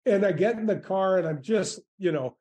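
A man in his sixties recounts his golf memories in a relaxed interview. His voice is fairly high but dark and mellow. He talks eagerly, restarting phrases as the stories pour out. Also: normal speed, breathy edge. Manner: animated, grateful storyteller with many restarts. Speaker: former tour golfer, guest. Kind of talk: casual storytelling interview.

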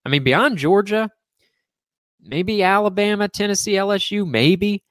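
A man's voice: sits high, a little slow, no echo. A man hosting a sports talk show, opinionated and playfully teasing as he trades takes with his co-host.

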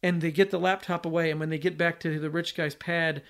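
A man's voice: on the high side, level tone, brisk, a bit bright, clean tone. A man hosting a podcast, recapping a film plot in a loose, rambling chat full of fillers and restarts. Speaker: podcast host.

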